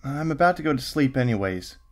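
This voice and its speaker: A man voicing a nervous, dreamy young woman in a creepypasta reading, with a high, soft girlish voice. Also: lively intonation, brisk, close to an everyday voice.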